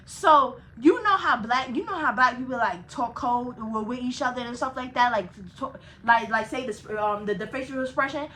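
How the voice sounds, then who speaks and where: A young woman spins a casual storytime vlog with a bright, forward voice that sits a little above the usual pitch. She talks in an animated, profane run, breaking into laughs between phrases. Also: brisk, hardly any pauses, a little hiss or hum, poor audio. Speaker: vlogger.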